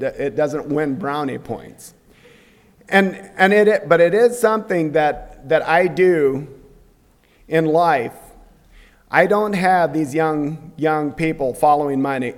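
A man giving a devotional sermon in an earnest, conversational way, often pausing to clear his throat. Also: fairly high pitch. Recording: long reverb of a hall.

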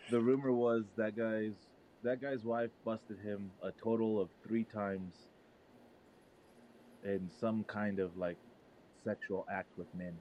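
A man's voice: fairly low pitch, steady tone, takes it slowly, mellow, muffled recording, a little hiss or hum. Man swearing his way through a story. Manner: profane, storytelling with laughs. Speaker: podcast co-host. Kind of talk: casual chat.

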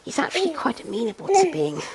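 A woman's voice: high voice, wildly swooping pitch, fast, crowd noise. A woman chatting casually to her listeners while feeding her baby, breaking off to scold him and talking in a sing-song baby voice. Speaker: parent podcaster.

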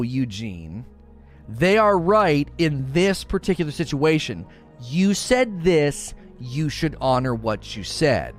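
Animated, exasperated male gaming host. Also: a little high, slow, faint music behind. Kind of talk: opinionated gaming commentary.

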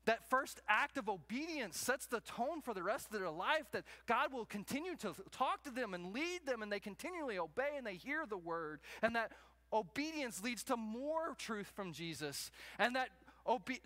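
A man delivering a sermon with a high, bright voice. He preaches in an animated way, jumping into raised voices to act out everyday scenes for the congregation. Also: no room sound. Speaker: pastor.

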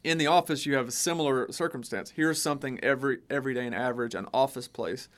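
A man co-hosting a podcast, a teacher, talking in an animated storytelling way and quoting others. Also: medium pitch, quick pace. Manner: animated, storytelling with quoted voices. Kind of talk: casual podcast discussion.

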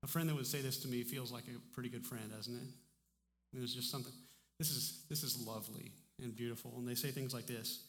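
A male pastor delivers a casual, conversational sermon, often stumbling and restarting his phrases. His mid-pitched voice carries a long reverb tail from the church hall around him. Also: fast talker. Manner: relaxed, conversational preaching with frequent restarts. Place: church sanctuary.

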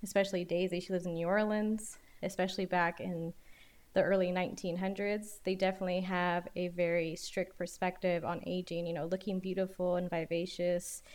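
A woman in her late twenties co-hosting a casual discussion podcast, explaining ideas in a measured way. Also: lowish voice, level tone, darkish tone. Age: late 20s. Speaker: podcast co-host.

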